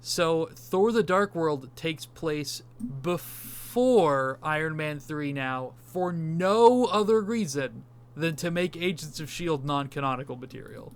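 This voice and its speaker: A man's voice: on the high side, expressive, slow. A man co-hosting a casual movie discussion podcast, rambling and swearing freely. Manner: rambling, swears casually, does silly beep noises. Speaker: podcast co-host.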